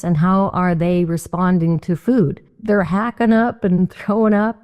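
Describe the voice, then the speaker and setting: A woman's voice: fairly low pitch, warm tone, long reverb tail. A woman dietitian speaking as an interview guest, explaining in an emphatic, teaching way and repeating key phrases.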